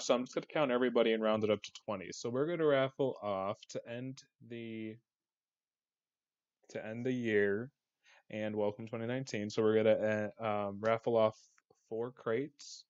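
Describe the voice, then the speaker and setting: A low-voiced man with a flat, monotone delivery reads out raffle winners to his game community. The sound is dull and lo-fi, like a voice chat capture. His talk is casual and loose. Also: smooth. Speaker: online game community host. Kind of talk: casual live raffle announcing.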